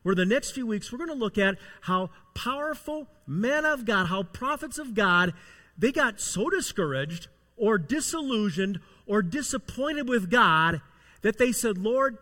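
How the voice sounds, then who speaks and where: A male pastor introduces a guest speaker to the congregation in an energetic, upbeat manner. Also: sits high, unhurried, in a large hall. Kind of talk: sermon introduction.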